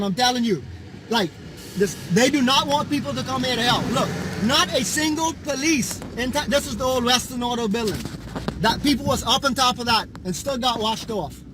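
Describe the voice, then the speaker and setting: A Bahamian man with a hoarse voice, angrily describing storm damage around town in urgent, repeated bursts. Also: very high voice, pushed and bright, slight background noise. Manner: agitated, urgent, repeats himself. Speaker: local resident filming storm damage. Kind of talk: angry walking commentary.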